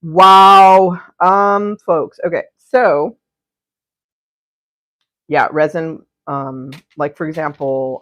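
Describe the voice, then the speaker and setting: A woman's voice: rumbling low, dry recording, lo-fi sound. A young woman hosting an art livestream, chatting casually and crudely while she paints, rambling and giggling between topics.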